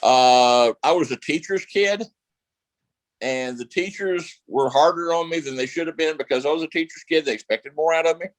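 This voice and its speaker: A man's voice: fairly high pitch, moderate pace, no room sound, poor audio. A male actor guest telling stories in a casual interview, rambling with lots of fillers and restarts.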